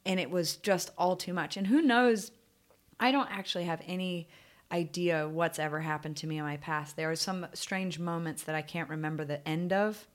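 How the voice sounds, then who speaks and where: A woman's voice: lowish voice, moderate pace. A young woman, hosting a podcast and frankly telling a personal story, swearing freely and using many fillers.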